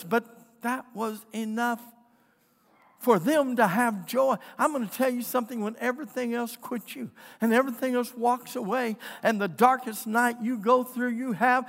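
A man preaching a sermon, building from quiet storytelling to impassioned, shouted declarations. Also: very high voice, moderate pace. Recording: long hall reverb.

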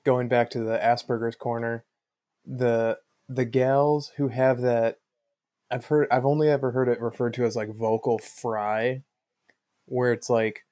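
A man's voice: mid-range voice, flat delivery, measured pace, darkish tone. A man co-hosting a podcast, talking casually with blunt, sardonic remarks and some swearing. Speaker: podcast co-host. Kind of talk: casual chat.

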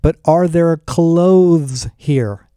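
A man's voice: mid-range voice, normal speed, dark tone, no room sound, clean studio sound, natural voice. A man voicing a blunt, impatient young woman. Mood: frustrated.

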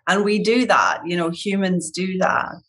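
Slow, gentle woman coaching. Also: on the low side. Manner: calm, gentle, reflective, unhurried. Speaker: coach or facilitator. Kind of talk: reflective coaching talk.

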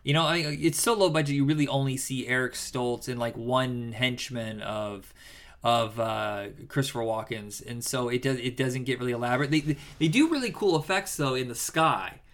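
A man co-hosting a podcast, talking through a film in loose, rambling, casual chat. He is enthusiastic and swears freely, and his voice sits at an ordinary middle pitch for a man. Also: normal speed, fairly bright tone. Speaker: podcast co-host. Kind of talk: casual movie discussion.

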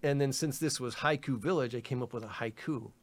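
A man's voice: mid-range voice, fairly quick. A man in a casual podcast chat, telling a story with laughs, swearing and lots of "you know" and "dude". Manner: animated, laughing, acts out others' lines in raised voices. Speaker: guest storyteller.

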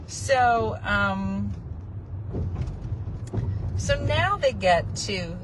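A woman in her forties telling a casual, animated story from a moving car, often acting out the people she quotes. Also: mid-range voice, drawn-out words. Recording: car road noise behind.

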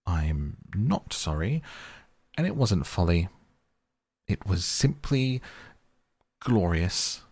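A man with a gravelly, husky voice voicing a boastful, reckless male toad gentleman in a storybook reading, impatient and emphatic, with high gleeful bursts. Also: animated, a little slow, no echo, full character voice. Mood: sullen.

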